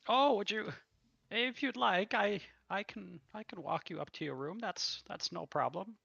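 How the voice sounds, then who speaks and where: A man's voice: high voice, moderate pace, gravelly, sharp tone, breathy edge, no echo, dull audio, pitched above the performer's own voice, heavily acted. A man voicing a polite female tavern waitress in a tabletop game, speaking in a raised, courteous voice.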